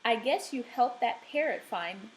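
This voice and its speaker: A woman's voice: on the high side, lively intonation, slow, darkish tone, slight background noise, poor audio. A woman reading a storybook dad's lines aloud to a class, stressing words as he talks with his son. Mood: cheerful. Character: kindly dad speaking to his son.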